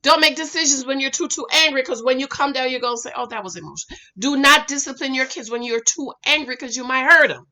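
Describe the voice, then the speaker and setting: A woman's voice: sits high, fairly even intonation, fast talker, hardly any pauses, bright, forceful tone. A woman hosting a live reaction stream who reads viewer comments aloud and answers them in an emphatic, sassy way. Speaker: YouTube reaction host.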